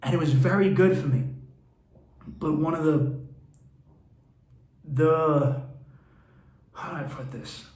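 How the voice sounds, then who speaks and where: A fairly high-voiced male comedian hosts his own podcast in a blunt, swearing monologue. He tells his stories candidly and with energy. The recording is roomy and echoey. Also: slow, long pauses. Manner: profane, blunt, animated storytelling. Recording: roomy echo.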